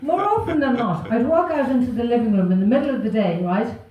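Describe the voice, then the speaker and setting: A woman's voice: on the high side, animated, fast talker, heavy reverb, far from the mic, highs cut off. An Irish woman doing a stand-up comedy set on stage, self-deprecating and wry, chuckling through her punchlines. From Ireland.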